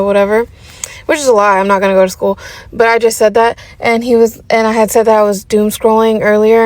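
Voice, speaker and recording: A woman's voice: medium pitch, dry recording. A woman venting in a casual rant, irritated and swearing heavily.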